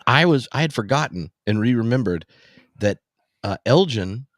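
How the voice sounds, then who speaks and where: A man hosting a podcast in casual chat, telling animated anecdotes. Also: mid-range voice, moderate pace, no room sound, studio quality. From US South. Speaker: podcast host.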